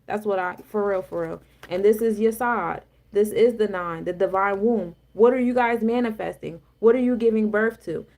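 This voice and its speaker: A woman reading tarot on a casual livestream, blunt, profane and preachy, shifting between low calm explanation and loud emphatic challenges. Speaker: tarot reader and spiritual coach.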